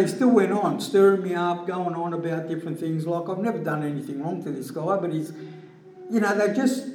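Middle-aged man, earnest chatty storyteller, slightly higher pitch. Distant in an echoey room with faint ambience. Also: a little mellow, slight background noise. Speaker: Christian giving a personal testimony. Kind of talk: casual spoken testimony storytelling.

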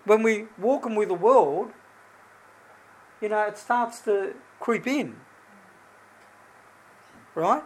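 A middle-aged man with a high, light voice preaches informally to a congregation. He reads scripture and tells stories from his own life in a loose, conversational manner, often restarting his sentences. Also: takes it slowly, pauses often, rough recording. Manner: conversational, animated storytelling with many restarts. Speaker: lay preacher. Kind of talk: informal sermon with personal stories.

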